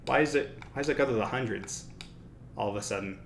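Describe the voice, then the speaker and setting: In an echoey room with faint background noise, a livestream host chats casually during a study stream. He speaks quickly in a medium-pitched, creaky voice, thinking out loud and correcting himself along the way.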